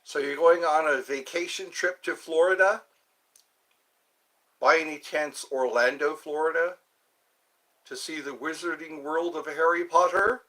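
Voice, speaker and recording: An older man hosting a live stream, chatting casually with viewers in a rambling, playful way and slowly sounding out their names. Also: on the high side, fairly even intonation, sharp tone, poor audio.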